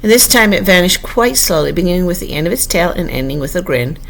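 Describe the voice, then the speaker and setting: A woman reads a classic children's story in a low, gravelly voice. She takes her time and stops now and then to correct a slip. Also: lively intonation, rough recording. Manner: unhurried, self-correcting. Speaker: narrator. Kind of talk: storybook reading.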